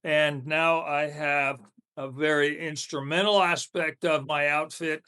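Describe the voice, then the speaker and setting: A man's voice: on the high side, steady tone, a little slow, sharp tone, smooth. A man co-hosting a podcast in casual chat, laughing often and talking with his mouth full. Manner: chatty, laughs often, eats while talking. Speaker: podcast co-host.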